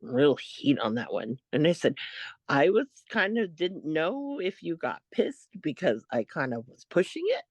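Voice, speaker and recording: A woman co-hosting a podcast, telling a story in a casual, animated way, quoting what others said. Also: deep voice, unhurried, slightly rough, dry recording. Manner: animated retelling, quotes others, laughs often. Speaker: podcast co-host.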